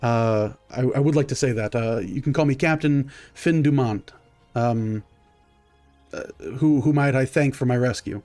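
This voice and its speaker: Formal, grateful guard captain, as a male game master puts him on, halting, dry mic. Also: medium pitch, darkish tone, dry recording, soft background music, close to an everyday voice.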